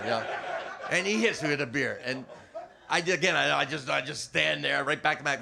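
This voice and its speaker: An older man from New Jersey telling a stand-up story, animated, laughing as he goes and shouting out the lines he quotes. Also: fairly high pitch, fairly quick, gravelly, a crowd in the background. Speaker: stand-up comedian.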